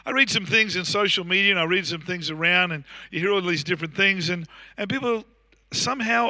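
Bright-voiced Australian pastor in his sixties. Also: high voice, no echo. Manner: anecdotal, conversational preaching with frequent fillers and restarts. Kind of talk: sermon. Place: church.

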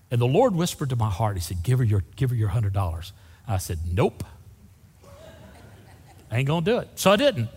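A pastor with a drawl preaches to his congregation in a folksy, storytelling way. His voice swoops up and down with a slightly husky grain. The sound carries a long reverb from a big church hall. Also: mid-range voice, a little mellow. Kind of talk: sermon. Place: church sanctuary.

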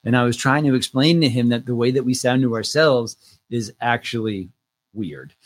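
A man's voice: medium pitch, normal speed. A man in his thirties co-hosting a podcast, talking casually and a bit rambling. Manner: relaxed, rambling, frequent "uh" fillers. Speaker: podcast co-host and loan officer.

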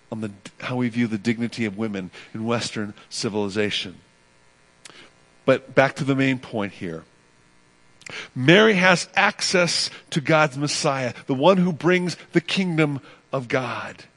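A man pastor preaching a sermon with emphatic delivery, repeating phrases and swinging between loud and soft passages. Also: medium pitch.

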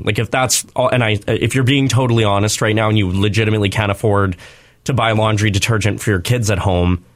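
A man hosting a radio show, telling a long personal story in an earnest, rambling, animated way. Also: lowish voice, quick pace. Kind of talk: casual on-air storytelling.

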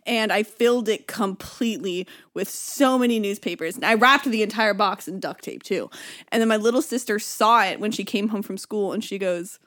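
A young woman co-hosting a casual chat, an animated storyteller who laughs often. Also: mid-range voice, normal speed. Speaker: co-host.

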